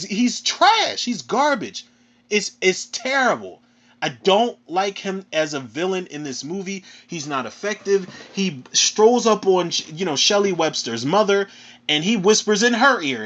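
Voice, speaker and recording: A man with a Philadelphia accent ranting casually through a film review, animated and profane, ending his phrases with "man". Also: high voice. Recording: dull lo-fi recording.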